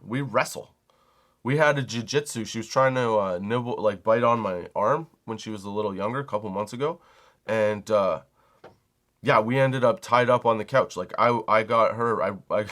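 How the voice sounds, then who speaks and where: Brief: young male comic host, loose and rambling, profane, storytelling mode. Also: mid-range voice. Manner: rambling, animated, swears casually. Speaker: comedy podcast host. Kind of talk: casual storytelling monologue.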